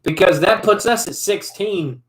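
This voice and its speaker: A man's voice: sits high, a little slow. A man in his twenties chatting casually over drinks in a laid-back way, laughing often. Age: 20s. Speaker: host. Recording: echoey room.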